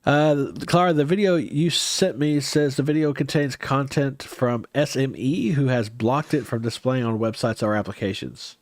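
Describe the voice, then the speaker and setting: A man's voice: medium pitch, moderate pace, few pauses, no room sound, clean studio sound. A man hosting a casual livestream, chatting with viewers in a rambling, hesitant way with many restarts, his nose a bit stuffy. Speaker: livestream host.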